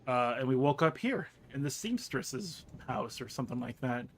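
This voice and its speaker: A man's voice: medium pitch, moderate pace. A man playing a role-playing game, reading its text aloud and joking in casual commentary. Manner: excitable, swears, reads game text aloud. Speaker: gaming streamer.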